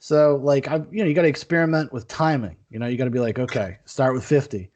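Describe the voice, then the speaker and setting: A young man in casual podcast chat, with a mid-pitched voice and an easy, laid-back delivery. He talks in a wry, drawn-out manner. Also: a little mellow. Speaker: podcast co-host.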